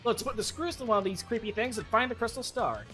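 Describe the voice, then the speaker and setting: A man putting on a shrill old witch. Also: animated, fast, bright, forceful tone, faint music behind. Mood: eager.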